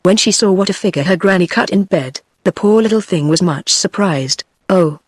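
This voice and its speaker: A synthetic British English woman's voice reads a fairy tale in a steady, mechanical way. It sits at a middle pitch, and the sound is close and dry, with no room around it. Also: a little fast, slightly rough, no room sound. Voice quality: even, mechanical text-to-speech delivery. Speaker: narrator. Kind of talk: synthetic audiobook narration.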